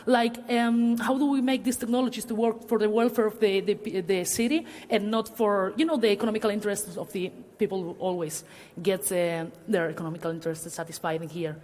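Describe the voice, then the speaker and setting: A woman's voice: mid-range voice, fairly even intonation, a little fast, darkish tone. A woman speaking on a public panel in a cultural centre hall. She talks hesitantly, with many fillers. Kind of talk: public talk in a panel discussion. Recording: long hall reverb.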